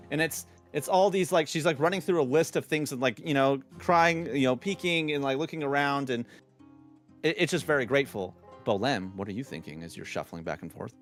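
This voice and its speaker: A man's voice: medium pitch, fairly quick, soft background music. A man narrating as game master, loose and rambling with many fillers.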